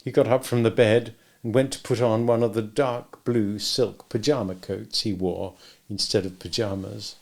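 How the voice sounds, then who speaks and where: A man narrating a novel aloud in a measured, even reading voice. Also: lowish voice, gravelly. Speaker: audiobook reader. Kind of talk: scripted narration.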